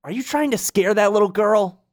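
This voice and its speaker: A man voicing a cheerful, friendly teenage boy hero in a bright, upbeat way. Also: sits high, normal speed, pitched above the performer's own voice, natural voice. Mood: challenging. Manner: bright, upbeat, gentle with a child.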